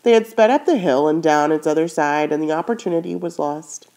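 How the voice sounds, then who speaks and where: A woman's voice: low-pitched, fairly quick, mellow. Woman reading a novel aloud, commenting. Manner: stops to comment, corrects slips. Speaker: reader.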